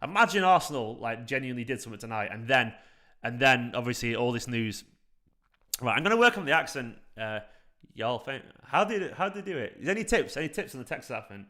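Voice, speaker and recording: A young adult man hosts a football fan live stream in a relaxed, off-the-cuff way. His voice is bright and forceful, with an ordinary middle pitch. He gets excitable and swears casually as he reacts to messages from viewers. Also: fast talker. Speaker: football fan channel host reading live chat.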